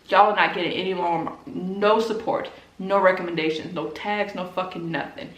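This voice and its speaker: A woman's voice: fairly low pitch, fairly even intonation, moderate pace, hardly any pauses, fairly bright tone. Furious profane woman ranting, roomy echo. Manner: blunt, heavy profanity, emphatic repetition. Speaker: BookTube creator. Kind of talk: angry direct-to-camera rant.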